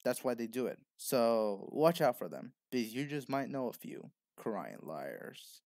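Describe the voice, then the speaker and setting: A man's voice: mid-range voice, big pitch swings, measured pace, vocal fry, a little mellow, no echo. Blunt man lecturing the viewer. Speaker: video essayist. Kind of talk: opinionated commentary monologue.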